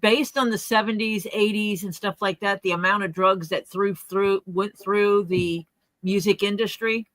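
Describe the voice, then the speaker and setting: Bright-voiced storytelling podcast co-host. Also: medium pitch, normal speed, dry recording. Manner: storytelling, relaxed and talkative. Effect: coming through a speaker. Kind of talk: casual chat.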